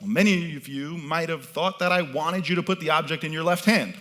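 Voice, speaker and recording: Bright-voiced man leading a stage audience. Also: on the high side, a little fast. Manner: commanding, playful audience patter. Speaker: mentalist performer. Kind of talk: live stage audience participation. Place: event stage before a live audience.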